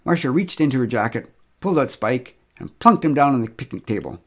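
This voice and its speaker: A man's voice: mid-range voice, lively intonation, brisk. A middle-aged man telling a humorous first-person story with wry, dry humor.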